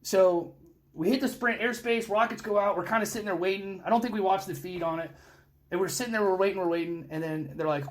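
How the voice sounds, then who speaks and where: A young man hosting a podcast, telling war stories in casual chat, animated and full of cursing. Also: sits high, fast. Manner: animated, profane storytelling. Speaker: podcast host.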